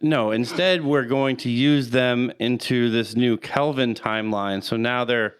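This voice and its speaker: A man co-hosting a casual podcast, explaining things patiently with halting restarts. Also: mid-range voice, steady tone, clean tone. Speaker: podcast co-host. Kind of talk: casual chat.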